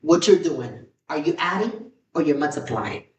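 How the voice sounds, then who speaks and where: A woman hosting a casual solo podcast, excitable and repetitive, swinging between low musing and high, loud exclamations. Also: moderate pace, far from the mic. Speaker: podcast host. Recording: roomy, from off the mic.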